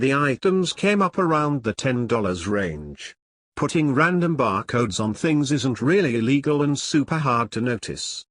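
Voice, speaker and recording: A man narrating online stories aloud in a steady, matter-of-fact reading voice. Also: mid-range voice, no room sound, studio quality.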